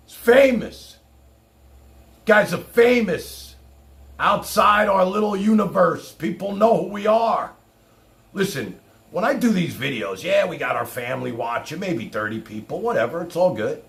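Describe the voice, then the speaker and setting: A man's voice: high-pitched, vocal fry, fairly bright tone. A man hosting his own livestream, talking casually in a boastful, rambling showman's way. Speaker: livestream host.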